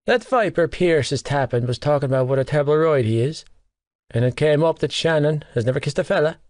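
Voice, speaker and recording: A man's voice: fairly high pitch, fairly quick, a little mellow, no echo, studio quality, close to an everyday voice. A man voicing a teasing, dramatic teenage schoolboy best friend in an audiobook. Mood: coaxing. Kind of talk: audiobook character voice.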